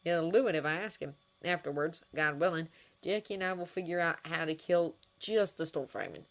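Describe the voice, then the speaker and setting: A woman's voice: on the low side, normal speed, lightly acted. Lady reading as a wry kind doctor guy, earnest, bit of a tease, audiobook fanfic. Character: kind, wry adult male doctor and mentor.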